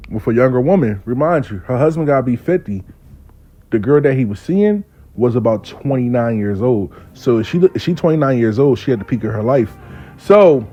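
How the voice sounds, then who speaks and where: A man's voice: mid-range voice, a little mellow. A man telling a story in a blunt, profane, emphatic way, as a relationship reconciliation worker. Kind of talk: casual storytelling monologue.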